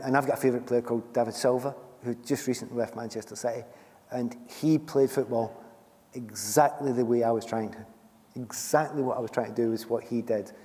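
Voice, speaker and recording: A middle-aged Scottish man, a guest author on a festival stage, talking in a chatty storytelling way and laughing often. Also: mid-range voice. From Scotland. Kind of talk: stage conversation at a book festival. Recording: long hall reverb from a festival stage.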